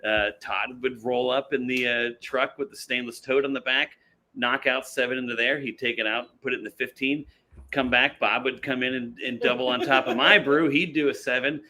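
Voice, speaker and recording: A man chatting as a guest on a podcast, his voice strikingly bright and forward. He rambles through a story with plenty of fillers and self-mocking asides, loose and conversational. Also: medium pitch, steady tone, moderate pace, slight background noise. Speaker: brewery guest. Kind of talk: casual podcast chat.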